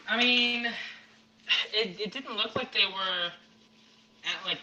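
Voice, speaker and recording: A man with a very bright, sharp voice joins a casual discussion as a guest. He speaks haltingly and keeps restarting. His audio carries an echoey room and faint background hiss. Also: high voice, muffled recording. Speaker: guest panelist.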